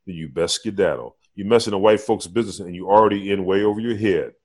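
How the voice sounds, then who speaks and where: Deep-voiced man doing a swaggering hood, threatening, tough slang, storybook reading. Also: fast, a little mellow. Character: crude male gangster thug, blustering.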